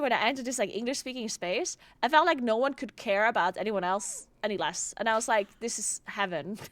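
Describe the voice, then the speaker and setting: Youngish woman streaming, bouncy pitch all over, super casual, dry close mic. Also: fairly bright tone, dry recording. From South Tyrol. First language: German dialect. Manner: chatty, many "like" fillers, swears, laughs often. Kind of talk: casual live-stream chat while gaming.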